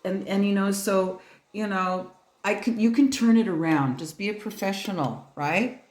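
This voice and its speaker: A woman's voice: medium pitch, normal speed, darkish tone, roomy sound, slight background noise. A woman tarot reader in a casual vlog, rambling and chatty, with lots of fillers and restarts. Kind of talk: casual deck-sharing vlog.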